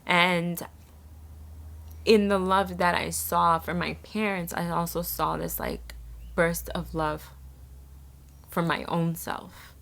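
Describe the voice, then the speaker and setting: A woman from the Bronx, speaking as a vlogger in a soft, halting way that searches for words while she tells a personal story. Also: fairly low pitch, little pitch movement, vocal fry. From the Bronx, New York. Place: eco-village in a jungle.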